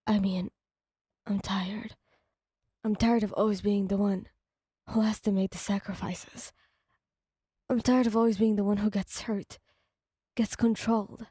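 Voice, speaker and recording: Woman playing a resentful young man, whispered role-play, breathy, dark and mellow. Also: medium pitch, flat delivery, measured pace, pauses often, dry recording, clean studio sound. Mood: weary. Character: angry young man, bitter and weary.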